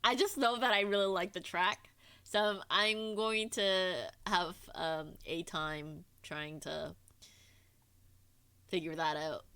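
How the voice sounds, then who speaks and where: A woman's voice: fairly low pitch, steady tone, slow, pushed and bright, smooth. A woman streamer in casual chat with her audience, bubbly and giggly, teasing herself in a playful way.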